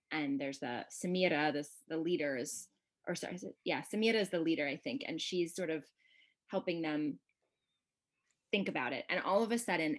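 Low-voiced woman talking books. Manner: enthusiastic, thinks aloud with many restarts; reads passages aloud softly. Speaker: podcast guest. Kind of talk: casual book discussion.

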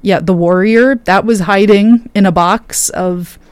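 A woman's voice: medium pitch, unhurried, a little mellow, clean tone, dry recording. A tired young woman DJ chatting casually on air between records, rambling and interrupting herself. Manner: rambling, self-interrupting, with many fillers. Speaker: radio DJ.

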